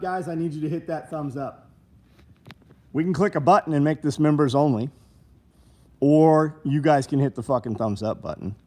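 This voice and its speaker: A man's voice: on the high side, darkish tone. A man hosting a casual livestream, talking bluntly with lots of swearing, reading viewer names and plugging gear. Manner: blunt, profane, rambling. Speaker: livestream host.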